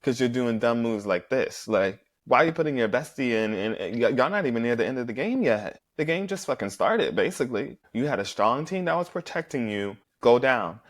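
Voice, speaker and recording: A man talks straight into the mic in a loose, blunt recap full of swearing. He jumps into quick impressions of the people he's covering, then drops back to his own opinions. His voice sits at an ordinary middle pitch. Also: animated. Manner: profane, blunt, acts out contestants' lines. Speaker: podcast host recapping a reality show. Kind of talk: casual recap commentary.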